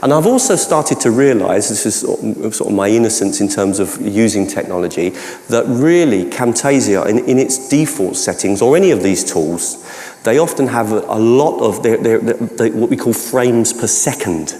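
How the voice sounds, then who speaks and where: A man's voice: fairly low pitch, animated, moderate pace, mellow. A man with a Cockney accent, a keynote speaker, answering audience questions at length with many restarts and hedges, recorded in a large conference hall. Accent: London Cockney. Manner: rambling, frequent restarts and hedges. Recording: echoey hall, long reverb.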